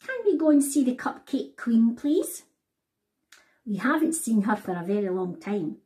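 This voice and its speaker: An eager little girl from a children's picture book, voiced by a woman reading aloud. She sounds bright and lifts high with excitement, her voice full of movement. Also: moderate pace.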